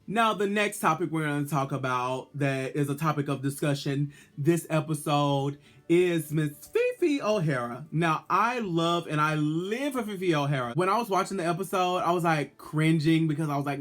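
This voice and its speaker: Chatty sassy guy doing a review vlog, kinda high voice. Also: animated, normal speed, soft background music. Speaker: drag queen vlogger reviewing an episode. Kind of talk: casual video review.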